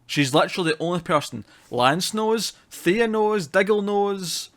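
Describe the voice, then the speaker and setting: An animated man co-hosting a laid-back TV review. He talks with plenty of energy and casual swearing. He laughs often at what he describes. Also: high-pitched, unhurried. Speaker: co-host.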